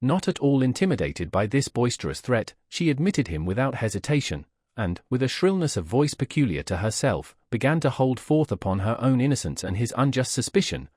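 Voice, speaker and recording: This is an audiobook of a classic novel, narrated by a man with a mid-range voice who tells the story in a measured, expressive way. The sound is studio quality, free of echo.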